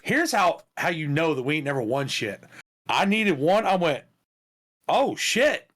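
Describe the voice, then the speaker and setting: A man co-hosting a podcast who tells stories in a casual, animated way, swearing and laughing as he goes. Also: fairly high pitch, moderate pace. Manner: animated, profane, laughs through his stories. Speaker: podcast co-host. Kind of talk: casual storytelling chat.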